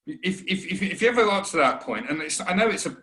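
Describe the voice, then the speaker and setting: A man's voice: sits high, animated, bright, forceful tone. Earnest man, echoey room. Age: middle-aged. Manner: earnest, halting, many restarts, mimics voices. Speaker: interview guest. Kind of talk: reflective conversation. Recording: roomy echo.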